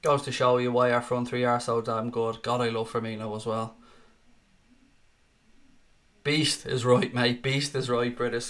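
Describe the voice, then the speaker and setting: A young man hosting a live fan watchalong, calling play and answering viewer comments in an excitable, sweary, bantering way. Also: mid-range voice.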